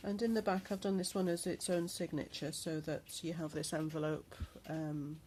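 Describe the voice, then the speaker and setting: A woman's voice: low voice, flat delivery, a little mellow, slight background noise. A woman chatting through a handmade travel journal in a casual show-and-tell vlog, with lots of ums. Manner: chatty, unhurried, many ums. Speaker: crafter showing a handmade journal.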